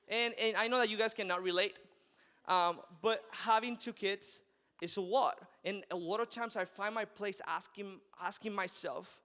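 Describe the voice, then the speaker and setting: A man in his thirties delivering a church sermon, speaking in a high voice with an animated, personal manner and frequent laughter. His words ring out with a long reverb from a large hall. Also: normal speed. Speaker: preacher.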